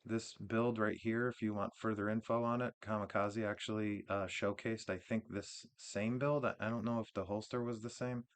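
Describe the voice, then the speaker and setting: Male gaming host, low voice, relaxed rambling walkthrough, off-the-cuff delivery. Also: moderate pace, few pauses. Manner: relaxed, rambling, with frequent restarts and fillers. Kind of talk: casual game build walkthrough.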